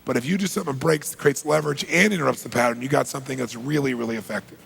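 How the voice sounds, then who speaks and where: A man's voice: medium pitch, rapid-fire, vocal fry, a bit bright, breathy edge, long reverb tail. A man giving a motivational seminar talk, telling stories and quizzing the audience. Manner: storytelling, asks the audience questions. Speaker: seminar speaker.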